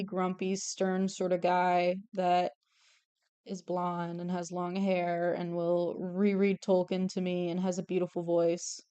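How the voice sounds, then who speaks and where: A young woman streamer chatting casually while she draws, excitable and swearing freely. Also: medium pitch, clean tone. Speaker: artist streamer. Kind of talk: casual chat while drawing.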